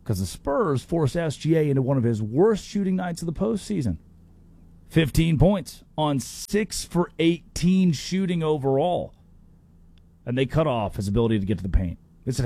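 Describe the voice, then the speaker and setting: A man hosting a sports talk show, delivering animated, opinionated commentary with quick restarts. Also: on the high side, no room sound.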